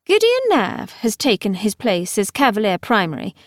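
A woman's voice: mid-range voice, big pitch swings, moderate pace, no echo, clean studio sound, close to an everyday voice. A woman voicing a solemn, austere young noblewoman who speaks in a grave, formal intoning way. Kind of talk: audiobook character voice.

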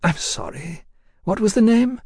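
A man's voice: sits high, animated, unhurried, a little mellow, slightly rough, dry recording, clean studio sound, pitched above the performer's own voice, full character voice. A man doing a prim grey-haired lady of rank. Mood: polite. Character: astonished grey-haired aristocratic older lady.

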